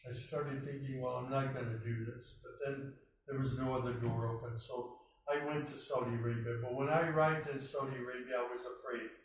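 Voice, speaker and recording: A man's voice: mid-range voice, a little hiss or hum. A man from the United States earnestly telling his personal testimony, acting out the voices of people he met. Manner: earnest storytelling, acts out quoted dialogue. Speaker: speaker telling his conversion story. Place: mosque hall. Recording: very echoey hall, mic at a distance.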